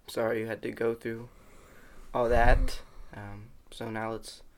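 A young man co-hosting a casual faith podcast, earnest and a bit halting. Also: mid-range voice, little pitch movement. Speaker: podcast co-host.

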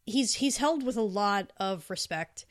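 A woman's voice: mid-range voice, expressive, unhurried. Enthusiastic woman chatting on a podcast. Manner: enthusiastic, acts out quoted characters. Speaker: podcast co-host. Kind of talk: casual podcast review chat.

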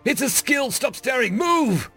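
A frantic young adventurer barks orders and pointed questions in a high, strained voice, as a male narrator puts him on. The pitch swings widely and the delivery is urgent throughout. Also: big pitch swings, a little slow, pushed and bright, husky, soft background music, exaggerated voice. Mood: alarmed, urgent.

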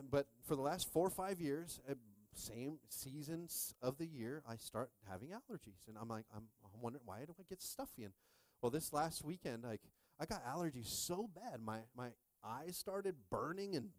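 Pastor, 30s, male, animated and jokey sermon delivery, close dry mic. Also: fairly high pitch, no echo. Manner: animated, jokey preaching with call-and-response.

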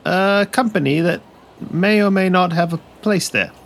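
Timid male archer, stammering, high and gravelly, voiced by a man. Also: moderate pace, a bit bright. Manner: stammering, apologetic. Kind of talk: tabletop role-play.

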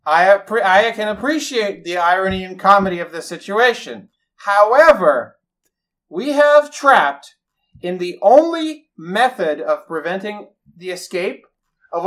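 A man in a tabletop game lays out his reasoning earnestly to the table. His voice sits high. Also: fairly bright tone, poor audio. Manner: earnest, argues his point. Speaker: player. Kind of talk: casual tabletop play.

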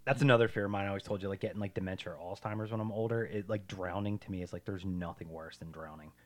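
Male podcast co-host, rapid rambling delivery, crude casual chat. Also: deep voice, steady tone. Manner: rambling storyteller, heavy swearing and "like" fillers.

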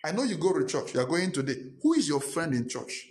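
Emphatic preaching man, slightly high voice. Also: very animated, fast. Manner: emphatic preaching with repeated phrases and rhetorical questions. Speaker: pastor. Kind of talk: sermon.

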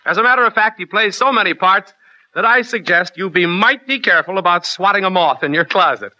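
Genial high, bright old-time radio host. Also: male voice, a little fast. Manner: genial, formal announcer delivery with easy laughs. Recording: muffled old radio broadcast.

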